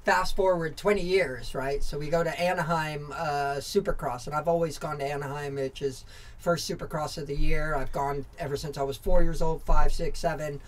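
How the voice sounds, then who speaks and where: Candid American man, slightly high voice. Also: steady tone, normal speed. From Southern California, USA. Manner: candid and rambling, frequent fillers and restarts, casual swearing. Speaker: podcast guest, former motorcycle racer. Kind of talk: casual storytelling interview.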